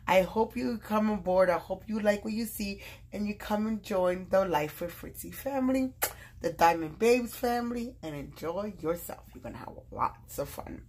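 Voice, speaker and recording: A woman vlogging casually from her bed, gushing and excitable as she opens a gift box, with lots of fillers. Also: mid-range voice, normal speed, a little hiss or hum. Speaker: YouTube vlogger. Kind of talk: casual unboxing vlog.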